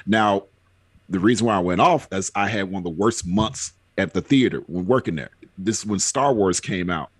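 Husky low man telling stories. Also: normal speed, no room sound. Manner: rambling storyteller, frequent fillers. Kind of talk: casual podcast chat.

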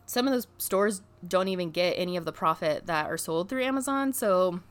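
A woman vlogger telling a story in a casual, chatty way, full of "like" fillers and excited gushing. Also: on the low side, moderate pace. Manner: chatty, filler-heavy with constant "like".

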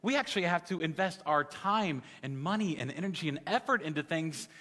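A man in his forties preaching a sermon in a conversational way, calling out to the congregation and dropping soft in emotional moments. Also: on the high side, expressive, fairly quick. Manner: conversational, calls on the audience, drops to soft tones in the emotional story. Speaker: pastor. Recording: long reverb in a large hall.

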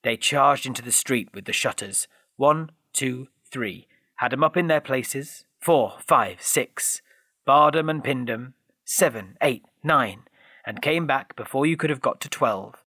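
A man reading a classic story aloud with expressive, lively narration. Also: mid-range voice, measured pace, dry recording, clean studio sound.

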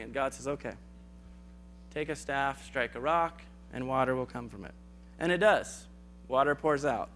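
A man's voice: mid-range voice, moderate pace, fairly bright tone. A man giving a conversational sermon, acting out biblical dialogue in casual asides. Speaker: preacher.

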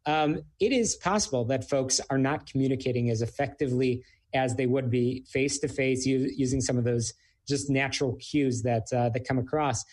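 A man's voice: mid-range voice, moderate pace, a little mellow. A man hosting a business talk show, interviewing a guest with many fillers and hesitations. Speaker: radio show host.

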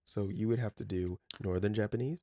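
A man's voice: on the low side, fairly quick, mellow, no room sound, clean studio sound. A man co-hosting a podcast in casual, teasing chat, swearing often. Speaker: podcast co-host. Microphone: podcast microphone.

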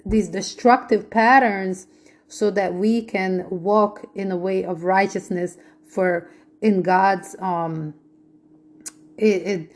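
A woman's voice: medium pitch, a little mellow. Earnest woman teaching a Bible study. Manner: earnest, repeats points, asks rhetorical questions.

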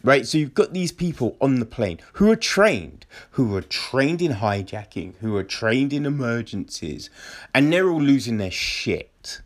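A man giving a profane, exasperated review of a show, mocking its characters in high put-on voices. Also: big pitch swings, unhurried. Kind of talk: ranting casual review.

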